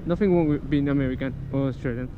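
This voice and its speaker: A man's voice: medium pitch, fast. A man with a French accent, talking casually and rambling while riding a motorcycle, correcting himself and swearing freely. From France. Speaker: motovlogger. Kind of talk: casual riding vlog talk. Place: on a motorcycle in city traffic outdoors. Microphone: helmet-mounted action camera. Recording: dull action-camera audio with loud traffic noise. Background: traffic and engine noise.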